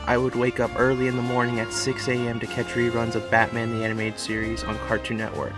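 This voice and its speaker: A man's voice: mid-range voice, completely flat delivery, quick pace. A man reading a scripted tribute narration in an earnest, reflective way. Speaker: video essay narrator. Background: music.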